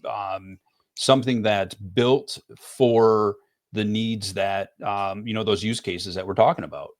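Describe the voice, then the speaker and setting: A man's voice: on the low side, steady tone, unhurried, dry recording, studio quality. A man hosting a business podcast, mostly giving short affirmations and summing up the guest's points. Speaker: podcast host. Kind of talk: interviewer, brief backchannel.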